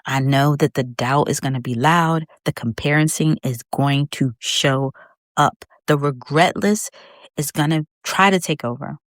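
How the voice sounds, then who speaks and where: Woman, low-pitched, middle-aged, faith podcast host, conversational, near tears, dry sound. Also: unhurried, no echo. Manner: heartfelt, conversational, addresses listener as friend. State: holding back tears. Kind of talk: faith-based podcast monologue.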